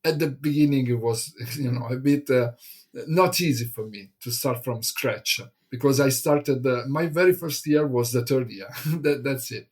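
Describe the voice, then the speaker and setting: A man from Italy, an English speaker, chats as a guest in a hesitant, halting way, full of fillers and restarts. His voice is husky and a little breathy. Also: medium pitch, a little mellow. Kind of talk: casual conversation.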